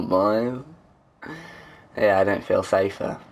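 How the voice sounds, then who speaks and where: Gamer, male, low gravelly slow drawl, swears a lot. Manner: swearing, laughing, joking to himself. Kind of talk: let's play commentary.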